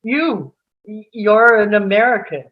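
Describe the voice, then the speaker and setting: A woman's voice: mid-range voice, measured pace, phone-quality sound, natural voice. A woman reading the part of a frightened male villain posing as a hostage, stammering and pleading in a table read over a video call. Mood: scared, pleading.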